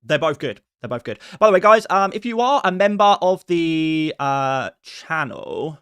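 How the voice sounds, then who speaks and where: Male fantasy football streamer, casual rambling live chat, fairly high voice. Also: expressive, measured pace, a bit bright, clean tone, no room sound, clean studio sound. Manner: rambling, with many restarts and fillers.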